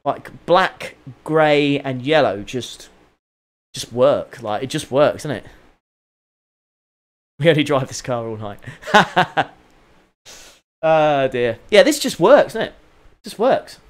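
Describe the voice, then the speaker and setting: Lively joking man streaming. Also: medium pitch, slow pace, pauses often. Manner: excitable, joking, swears freely. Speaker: sim racing streamer. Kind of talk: casual live-stream commentary.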